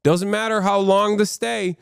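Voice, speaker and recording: A man's voice: sits high, steady tone, a little slow, gravelly, clear, resonant tone, dry recording, clean studio sound, pitched above the performer's own voice. A man voicing a stern male police officer who curtly scolds a driver. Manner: curt, scolding.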